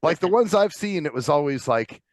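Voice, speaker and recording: A man's voice: on the high side, expressive, normal speed, dry recording, studio quality. A man co-hosting a casual interview, chatty and casual, swearing now and then. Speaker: co-host interviewer.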